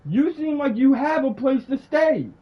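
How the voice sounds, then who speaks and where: Very high-voiced, angry profane man. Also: normal speed, dull audio. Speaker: streamer. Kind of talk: heated phone argument during a stream.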